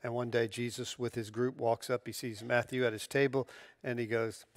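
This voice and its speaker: A man preaching a sermon as pastor, in a conversational, emphatic way, using casual slang and restarting his phrases, rising sharply when excited. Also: medium pitch, normal speed, dry recording.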